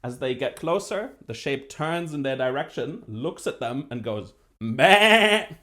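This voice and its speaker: Animated male philosophy lecturer. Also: medium pitch, normal speed. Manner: lively, precise, with dry self-deprecating humor; acts out voices when telling a joke. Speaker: philosophy professor. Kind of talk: university lecture.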